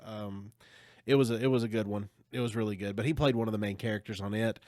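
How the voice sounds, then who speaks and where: A man hosting a podcast, retelling a story in casual chat with an animated, rambling manner. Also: lowish voice, fast talker, no room sound. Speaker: podcast host.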